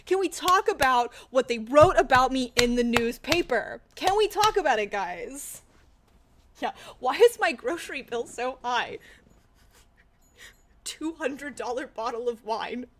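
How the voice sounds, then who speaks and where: A young woman from Texas streams live into a desk mic, talking to her chat in a high, bright voice. She is sarcastic and foul-mouthed, and she laughs easily as she riffs. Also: animated, slight background noise. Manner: profane, sarcastic, quick to laugh. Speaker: livestreamer. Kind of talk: casual livestream chat. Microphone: desk microphone.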